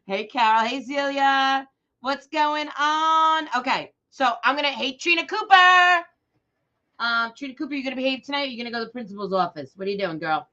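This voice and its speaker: Woman craft livestream host, loud and bubbly, bright edge, muffled lo-fi sound. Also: a little high, fast, few pauses. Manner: loud and excitable. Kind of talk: chatty live craft tutorial, greeting viewers. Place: at her craft table.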